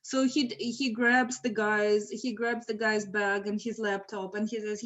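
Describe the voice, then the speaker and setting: A woman telling a true story in a casual, animated way, laughing now and then, over a video call. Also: mid-range voice, unhurried, few pauses, highs cut off. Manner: lively, animated, laughs mid-sentence. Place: home, virtual event.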